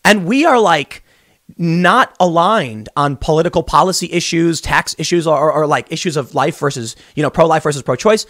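A young man hosting a podcast, giving opinionated political commentary in a rambling, animated way with many restarts, recorded in a small closet studio. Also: on the high side, normal speed, no room sound. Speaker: podcast host.

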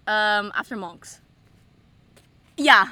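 A young woman chatting casually with a friend, telling stories in an animated, giggly way. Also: medium pitch, very slow, clear, resonant tone, dry recording. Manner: giggly, animated storytelling, frequent laughter. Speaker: friend answering questions. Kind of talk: casual chat.

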